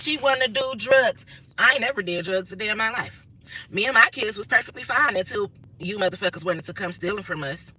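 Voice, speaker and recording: A woman's voice: medium pitch, brisk, pushed and bright, a little hiss or hum, low-quality recording. A woman, talking bluntly and profanely through a casual livestream monologue. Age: 30s. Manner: blunt, profane, emphatic storytelling. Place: inside a car.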